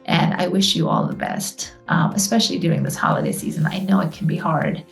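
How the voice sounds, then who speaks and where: Gentle low-voiced woman telling a story. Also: huge pitch swings, fairly quick, gravelly, faint music behind. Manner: gentle, earnest, with many fillers. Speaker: medium sharing a personal story. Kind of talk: reflective personal storytelling.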